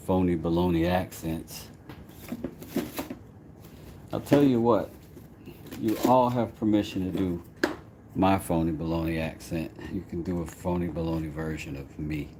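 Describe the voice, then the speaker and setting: A man streaming live and chatting casually while doing woodwork, joking and talking to himself as he goes. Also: sits low. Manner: jokey, talks to himself while working. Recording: noisy background ambience.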